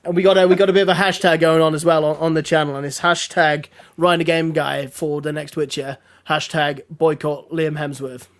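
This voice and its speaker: Chatty man, a bit gravelly. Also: a little high, little pitch movement, fairly quick, few pauses. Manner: chatty, laughs often, restarts. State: hoarse from a throat infection. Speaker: guest streamer. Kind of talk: casual podcast chat.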